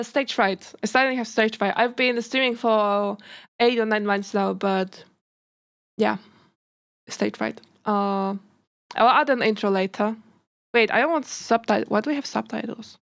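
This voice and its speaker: A woman VTuber chatting casually on a reaction stream, giggly and rambling, often breaking off mid-sentence and bursting into excited remarks. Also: a little high, gravelly. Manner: giggly, rambling, self-interrupting; excitable outbursts.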